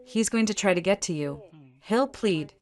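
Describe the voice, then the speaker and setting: A woman voicing a brisk, ruthless divorce lawyer in her fifties, speaking in curt, clipped, commanding sentences. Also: medium pitch, animated, close to an everyday voice. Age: 50s.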